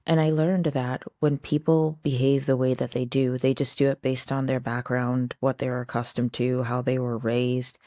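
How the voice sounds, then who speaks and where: Very low-voiced woman, chatty and reflective. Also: flat delivery, moderate pace, few pauses, mellow, no room sound, clean studio sound. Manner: chatty, reflective, asks rhetorical questions. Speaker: host. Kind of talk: casual personal talk to camera.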